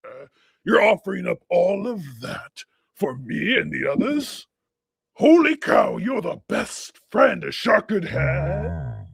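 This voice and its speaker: A man voicing a bossy, dramatic male shark boss in a web cartoon, with a husky, gravelly voice and a theatrical delivery. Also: high voice, big pitch swings, slow pace, no room sound, studio quality, exaggerated voice. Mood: gushing. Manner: theatrical, swings from stern to gushing.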